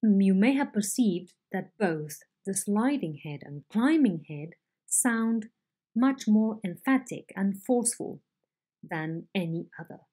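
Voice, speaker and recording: A woman teaches phonetics in a recorded lesson, her mellow voice rising and falling widely as she models intonation. She speaks slowly and deliberately, spelling out each point. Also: medium pitch, animated, husky. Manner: slow, deliberate explanations with modelled intonation examples. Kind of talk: recorded online lecture.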